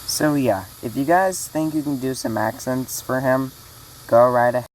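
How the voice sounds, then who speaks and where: Very low-voiced woman announcing a casting call. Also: normal speed, darkish tone. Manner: rambling with many fillers and restarts. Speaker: fan series creator running a casting call. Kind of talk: casual spoken announcement. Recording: noisy hiss in the background.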